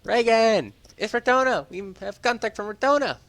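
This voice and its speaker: A man voicing a flustered young man who stammers and shouts in high, excited bursts. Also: normal speed, full character voice. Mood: urgent.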